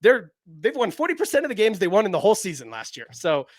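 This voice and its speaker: A man's voice: high voice, wildly swooping pitch, fast talker, no echo, studio quality. A young man co-hosting a casual basketball chat, rambling with lots of "like" fillers. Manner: rambling, heavy use of "like" fillers. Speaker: basketball podcast co-host.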